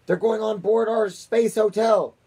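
A dad putting on a pompous, flustered president from a children's book, shouting out his lines in a raised, excitable voice. The tone underneath stays a bit husky. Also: fairly high pitch, unhurried, voice pushed up. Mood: excited, demanding. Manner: loud, excitable.

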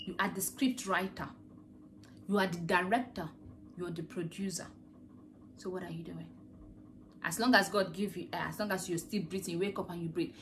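A woman hosts an earnest, rambling motivational talk, asking her listeners question after question. Her voice sits at a middle pitch. A faint background hum runs under her speech. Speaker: podcast host.

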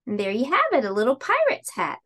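A woman teaching a children's craft with chatty step-by-step instructions, then reading a picture book aloud with animated storytelling. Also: a little high, fast. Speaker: teacher hosting a kids' summer camp channel.

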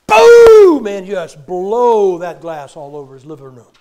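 A man preaching a sermon, telling stories in an animated way, acting out quotes and bursting into loud shouts. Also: a little high, normal speed.

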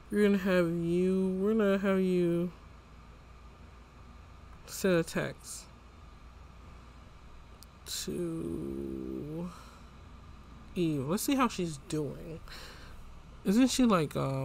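A man's voice: high voice, expressive, drawn-out words, gravelly, long pauses, darkish tone, a little hiss or hum. A man casually commenting on a life-sim game as he plays, chatting to the characters and his viewers. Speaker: gameplay vlogger.

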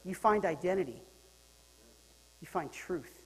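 A male pastor preaching a sermon in a lively, joking way, swinging between loud and quiet. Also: sits high, a little slow, long reverb tail, low-quality recording. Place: church sanctuary.

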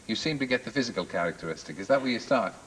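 Male chat show host, probing questions, quick lively speech, reverberant studio. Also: fairly low pitch, a little hiss or hum.

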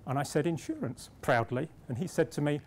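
A man's voice: a little high, fast talker. A middle-aged British man speaking at a conference, telling a self-deprecating story with restarts before turning to his point. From Britain. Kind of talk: conference speech with anecdote. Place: conference hall.

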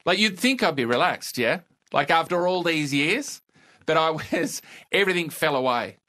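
Dry, laconic Australian man with a bright voice. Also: a little high, lively intonation, moderate pace. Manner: laconic, dry, wry delivery with chuckles. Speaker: comedian guest. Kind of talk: casual storytelling interview.

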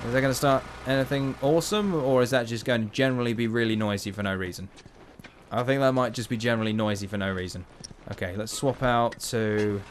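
A man's voice: medium pitch, fast talker, a little hiss or hum. A man giving playful, chatty let's play commentary, joking to himself as he plays. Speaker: gamer.

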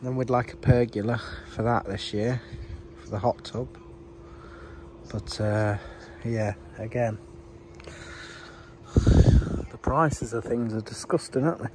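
This middle-aged vlogger dad speaks slowly with long pauses, with background noise audible in his home garden outdoors. Chatting to camera for the family vlog, he teases his kids and pets and swings into a lively, high sing-song voice with them.

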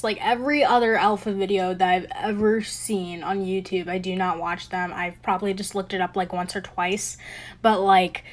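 A young woman at home hosting a reaction commentary video. She rants in exasperation and laughs often. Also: mid-range voice. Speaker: commentary channel host. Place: at home with family over.

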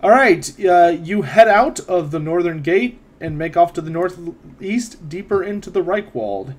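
Man, game master, tabletop narration, hesitant, slightly high pitch. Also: expressive, measured pace. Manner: hesitant, with many ums and laughs.

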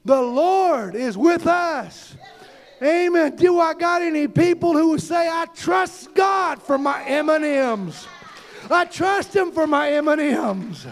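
A man preaching a fervent sermon as pastor, shouting and calling out to the congregation. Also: extremely high pitch, expressive, takes it slowly.

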